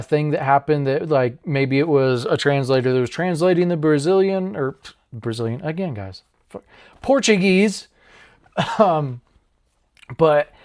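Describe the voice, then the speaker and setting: A fairly high-voiced American man hosts a loose, chatty MMA breakdown. He rambles, swears freely and cracks jokes at his own expense. The delivery is casual and off the cuff. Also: darkish tone. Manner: rambling, profane, jokey, laughs at himself. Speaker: MMA channel host. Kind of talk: casual fight breakdown vlog.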